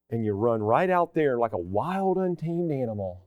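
A man preaching a sermon, moving between emphatic peaks and slow, quiet asides. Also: medium pitch, big pitch swings, no room sound. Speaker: pastor.

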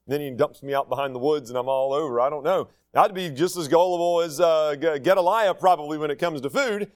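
Male pastor, high-pitched voice, conversational sermon, folksy and unpolished. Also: brisk. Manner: conversational, folksy asides with restarts. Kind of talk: expository sermon.

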